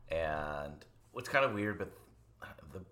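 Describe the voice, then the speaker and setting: A man's voice: low-pitched, expressive, slow pace, bright, forceful tone. A man co-hosting a podcast, casually and easily talking through a film. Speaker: podcast co-host.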